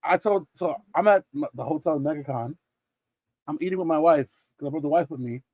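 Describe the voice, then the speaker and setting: A man hosting a live comic auction stream, telling stories in an animated way and swearing freely. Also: a little high, a little fast, no echo, rough recording. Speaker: comic shop stream host. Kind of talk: casual live auction chat.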